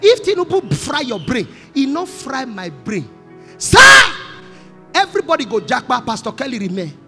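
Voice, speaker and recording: A man with a Nigerian accent preaching in a large church, moving between Pidgin asides and shouted prophecy. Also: extremely high pitch, big pitch swings, normal speed, big-room sound, music in the background. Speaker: pastor. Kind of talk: sermon.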